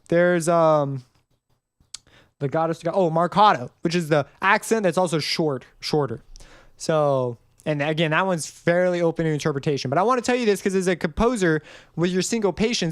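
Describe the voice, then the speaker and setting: Brief: young male tutor, slightly high, smooth voice, loose chatty teaching with sung demos. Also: normal speed, dry recording, studio quality. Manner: casual, rambling explanation with sung note demonstrations. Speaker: music composition teacher. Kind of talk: screen-recorded tutorial.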